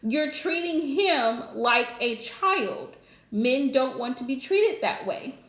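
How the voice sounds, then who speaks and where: A woman's voice: high-pitched, expressive, slow, a bit bright, reverberant. A woman hosting a live stream and giving relationship advice in a chatty, direct way, laughing often. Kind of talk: casual live-stream chat.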